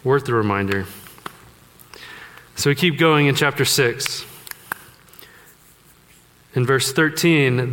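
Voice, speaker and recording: A man's voice: medium pitch, expressive, slow, long pauses, pushed and bright. A man preaching a sermon, conversational and joking with the congregation. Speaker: pastor. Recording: long hall reverb.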